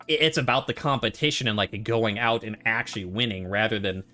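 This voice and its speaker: Bright, rambling male game streamer. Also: lowish voice, a little fast, soft background music. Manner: rambling, jokey, full of restarts. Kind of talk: casual let's-play commentary.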